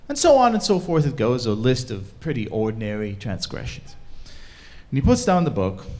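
A man tells a story at a cultural event in an animated, casual way, with fillers like um and you know. His pitch swoops widely as he tells it. He speaks to a live audience in a hall. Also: moderate pace.

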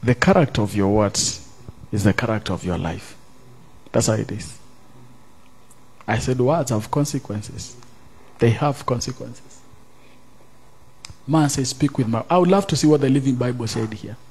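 A man preaching as pastor at a church service, reading scripture aloud, questioning the congregation and rising into loud, drawn-out emphasis. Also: medium pitch, animated, husky. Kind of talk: sermon.

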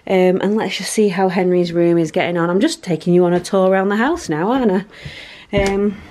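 A woman's voice: fairly low pitch, brisk, dark tone, a little hiss or hum. Chatty mum touring her messy house. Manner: chatty, rambling, self-deprecating. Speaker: vlogger. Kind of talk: casual home vlog chat. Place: family home, indoors.

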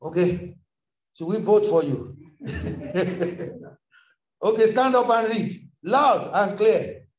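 A man preaching a sermon to a congregation in a church hall, impassioned and often shouting as he calls on the listeners. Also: high-pitched, expressive, slow pace, long pauses. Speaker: pastor. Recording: echoey hall, distant mic, muffled sound.

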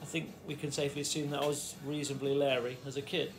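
A middle-aged vlogger from the Fens, England, tells a rambling childhood story in his home kitchen while faint radio music plays. He talks fast in a medium pitch with little pitch movement, often interrupting himself.

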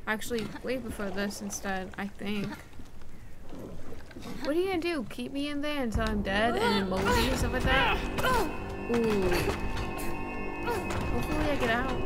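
A woman's voice: fairly high pitch, sing-song, unhurried, long pauses. A woman streamer giving let's play commentary. She swears freely and chats to the characters on screen. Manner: profane, chatty, talks to game characters. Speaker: gaming streamer. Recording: commentary over loud game music.

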